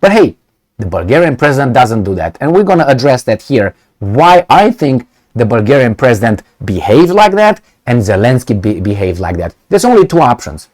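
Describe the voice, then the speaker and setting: A man talking through the news in a blunt, sarcastic voice that swings up and down a lot. He has a middle pitch and keeps stopping on "uh" and "you know.". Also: very animated, moderate pace, darkish tone. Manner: blunt and sarcastic, many fillers. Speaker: political commentator. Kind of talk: casual opinionated commentary.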